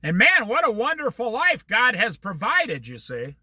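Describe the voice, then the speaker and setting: A man's voice: very high-pitched, wildly swooping pitch, normal speed, bright, forceful tone, breathy edge, dry recording. A middle-aged man in casual talk, rambling from story to story with religious asides. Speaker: vlogger.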